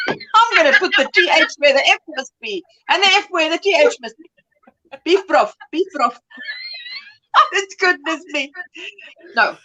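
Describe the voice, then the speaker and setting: Direction high, lively chatty woman. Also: moderate pace, pauses often, rough recording. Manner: chatty, playful, tongue-twister teasing. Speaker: guest co-host. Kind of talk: casual live-stream chat.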